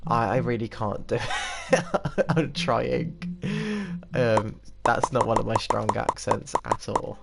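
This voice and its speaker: Speaking slowly in a level, mid-range voice with vocal fry, a young man from the UK with a faintly posh accent chats aimlessly while playing a game and chuckles at himself. He's a gaming YouTuber, and the recording is noisy with audible mouse clicks.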